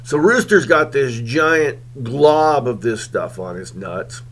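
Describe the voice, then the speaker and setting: A male radio host telling a comic story in a rambling, animated way, with lots of fillers. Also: mid-range voice, slow pace.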